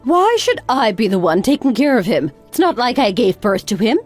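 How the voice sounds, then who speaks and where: A woman's voice: a little high, sing-song, moderate pace, faint music behind. A woman voicing a bossy, harsh older mother-in-law who talks in a sarcastic, cutting way. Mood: scornful. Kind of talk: narrated text-story drama.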